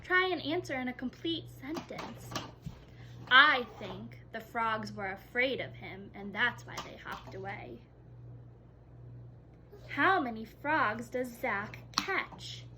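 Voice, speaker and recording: Slow sing-song kindergarten teacher, woman. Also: on the high side, animated, background noise. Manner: slow, sing-song, exaggerated storybook reading; gentle, encouraging. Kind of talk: reading aloud to young children.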